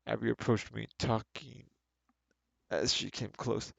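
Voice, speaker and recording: Guy reading a book out loud and roasting it, gravelly fry, dry close sound, pretty sarcastic. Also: fairly low pitch, fairly even intonation, unhurried, long pauses, no room sound. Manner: sarcastic, mocking and exasperated. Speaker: streamer reading a book aloud. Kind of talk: reading aloud with critical commentary.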